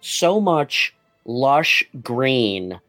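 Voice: medium pitch, big pitch swings, drawn-out words, fairly bright tone, no echo, soft background music. A podcast host in casual chat, hesitant with many fillers and frequent laughter.

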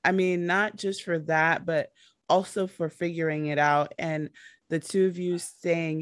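Slow-talking effusive woman host. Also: fairly low pitch, fairly even intonation, dry recording, studio quality. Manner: effusive, gushing with praise. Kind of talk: interview conversation.

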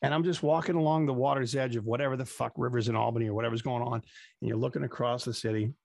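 A man's voice: mid-range voice, fairly even intonation, very fast, gravelly, no room sound, clean studio sound. A man co-hosting a podcast, swearing freely and telling loose, rambling stories in casual banter. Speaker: podcast co-host.

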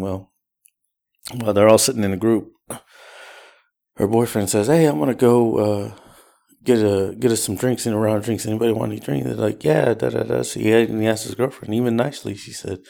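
A man's voice: low-pitched, gravelly, a little mellow. A man hosting a podcast alone, telling a rideshare story in a rambling casual way with many fillers. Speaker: podcast host.

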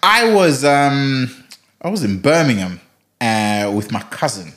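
A man's voice: medium pitch, lively intonation, measured pace, a bit bright. A young man co-hosting a podcast in casual chat, telling stories animatedly and laughing often. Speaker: podcast co-host.

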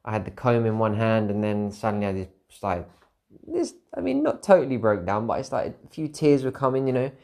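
Tired man rambling candidly, low voice. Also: big pitch swings, fairly quick, gravelly, a little mellow. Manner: candid, rambling, repeats phrases for emphasis. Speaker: podcast host. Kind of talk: reflective solo monologue.

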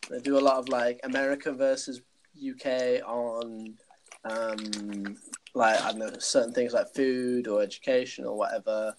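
A man's voice: medium pitch, flat delivery, normal speed, background noise. A man co-hosting a podcast, bantering playfully and talking casually with many fillers. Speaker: podcast co-host. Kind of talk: casual chat.

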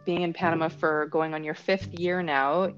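A woman hosting a podcast, chatting and explaining things in a relaxed way, laughing easily. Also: sits low, moderate pace, dull audio, faint music behind. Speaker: podcast host. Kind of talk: casual podcast chat.

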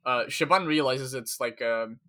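A man's voice: medium pitch, moderate pace, bright, forceful tone. Rambling man recapping a story. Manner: rambling, lots of fillers and acted quotes. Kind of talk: casual chat recapping a story.

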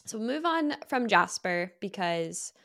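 A woman hosts a casual podcast discussion and keeps it moving from topic to topic. Her voice has a gravelly fry running through it. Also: mid-range voice, sing-song, a little slow, fairly bright tone. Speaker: podcast co-host. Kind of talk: casual chat.

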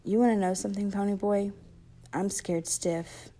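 A woman reading aloud, voicing an injured, frightened teenage boy who talks in halting slang. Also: mid-range voice, steady tone, mellow, lightly acted. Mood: scared. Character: scared injured teenage boy, bitter and gentle.

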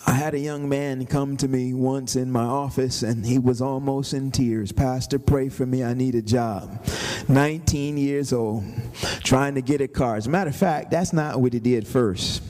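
A man preaching a sermon as pastor, telling a story animatedly, with rising shouts and repeated words. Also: mid-range voice, fairly even intonation, moderate pace, big-room sound.

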